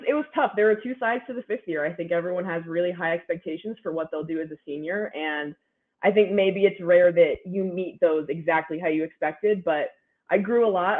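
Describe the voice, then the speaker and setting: A young woman in her twenties, an athlete guest giving upbeat, chatty interview answers full of "like"s. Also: lowish voice. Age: 20s. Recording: phone-like narrow line.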